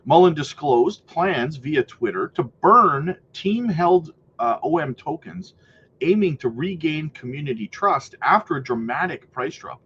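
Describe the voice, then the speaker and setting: A man hosting a crypto news channel, giving casual market commentary in a chatty, hedging way, with many fillers and frequent throat clearing. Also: on the high side, animated, unhurried, fairly bright tone, dull audio, a little hiss or hum.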